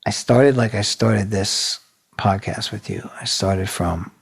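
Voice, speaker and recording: A man's voice: on the low side, takes it slowly, vocal fry, slightly rough. A middle-aged man from New England, a podcast guest telling his own story candidly, blunt and given to swearing. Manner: blunt, swears freely, emotional retelling.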